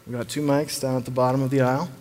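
A man's voice: mid-range voice, very fast. Easygoing man preaching in a large hall. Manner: relaxed, joking, inviting. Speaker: pastor leading a service. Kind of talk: sermon. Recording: reverberant hall, faint ambience.

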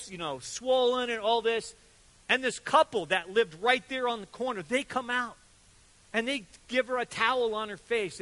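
An older man preaching a sermon, telling animated stories and acting out quotes with sudden loud and soft turns. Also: high-pitched, poor audio. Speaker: pastor.

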